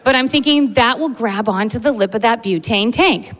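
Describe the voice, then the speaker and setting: Animated woman telling a story in a hall. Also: fairly high pitch, normal speed. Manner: animated, laughs through her own story. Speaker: emergency medicine doctor. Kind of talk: live storytelling.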